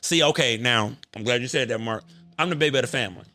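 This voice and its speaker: A man hosting a podcast, telling stories in an animated, profane way. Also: mid-range voice, fast talker, dry recording, clean studio sound. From United States. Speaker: podcast host. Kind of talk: casual podcast chat.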